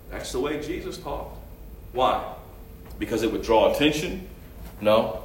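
A man preaching a sermon and reading scripture aloud, swinging from loud, raised passages to soft asides. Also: mid-range voice, moderate pace. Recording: echoey room.

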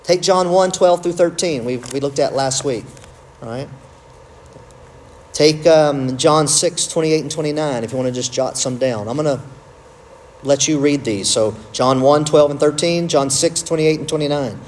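A man teaching a church class, conversational and quick to joke at his own slips. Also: on the high side, a little hiss or hum. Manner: conversational, self-interrupting with humor.

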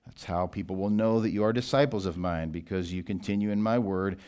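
A male pastor delivers an expository sermon with a low-pitched voice. He teaches deliberately and slows down to read scripture passages. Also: darkish tone, clear, resonant tone.

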